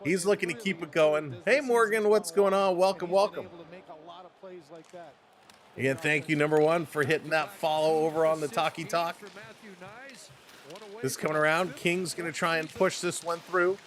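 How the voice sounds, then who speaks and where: Canadian male livestream commentator, slightly high-pitched, energetic play-by-play with chat shout-outs. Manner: fast, excitable calls, greets chat viewers. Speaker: play-by-play host.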